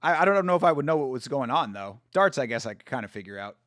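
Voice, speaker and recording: A man's voice: mid-range voice, big pitch swings, fast, fairly bright tone, no room sound, studio quality. A man hosting a casual live stream, chatting with viewers, laughing often and apologizing for it. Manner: laughs a lot and keeps apologizing. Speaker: livestream host.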